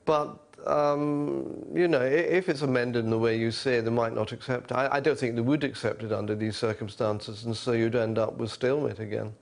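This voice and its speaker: A man's voice: mid-range voice, fairly even intonation, brisk, creaky, few pauses. A man, a professor appearing as a guest in a political interview, answering in a hesitant, wry way with frequent "um" restarts.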